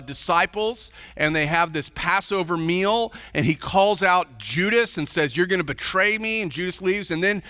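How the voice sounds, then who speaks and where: A man's voice: a little high, sharp tone, clean tone, in a large hall. A male pastor preaching in a chatty, informal way, often checking in with his listeners. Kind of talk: conversational sermon. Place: church sanctuary.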